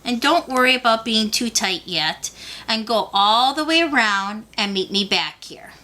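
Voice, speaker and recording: Bright-voiced woman teaching beadwork. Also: a little high, animated, unhurried. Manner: patient, talks the viewer through each step. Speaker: beading instructor. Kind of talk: step-by-step craft tutorial.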